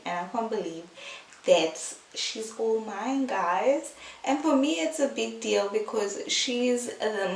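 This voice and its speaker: A young woman, a new mother, chatting in a casual, heartfelt vlog, full of "like" and "um". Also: mid-range voice. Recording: echoey room, mic at a distance, faint hiss.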